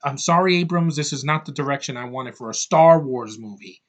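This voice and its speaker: A man's voice: medium pitch, brisk. A man in his thirties giving a casual, ranting film review, blunt and profane, rambling with lots of fillers. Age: 30s. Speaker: movie reviewer.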